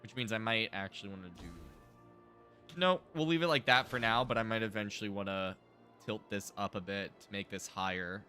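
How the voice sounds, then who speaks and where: A man's voice: on the low side, brisk, sharp tone, faint music behind. A young man streaming a building game, casually thinking aloud and mumbling to himself as he works. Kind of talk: casual live gameplay commentary.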